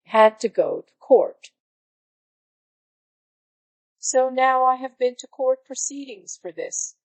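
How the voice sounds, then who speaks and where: A woman's text-to-speech voice reading online stories aloud in an even, synthetic-sounding delivery. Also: on the high side, dry recording, low-quality recording. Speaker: story narrator.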